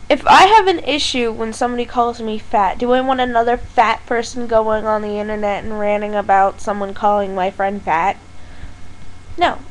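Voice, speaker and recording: A woman's voice: sits high, poor audio. A young woman ranting in a vlog, blunt, exasperated and sarcastic. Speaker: vlogger.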